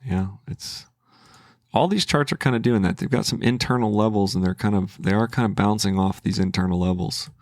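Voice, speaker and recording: A man's voice: lowish voice, a little fast, a little mellow, no echo, clean studio sound. A man giving casual, hesitant commentary as a trading channel host, thinking aloud with restarts.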